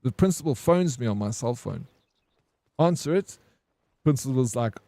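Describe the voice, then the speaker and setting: A man's voice: mid-range voice, animated, normal speed, pauses often, mellow, no room sound. A man casually telling a story to his stream chat, swearing and calling people bro. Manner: laid-back, swears, says "bro".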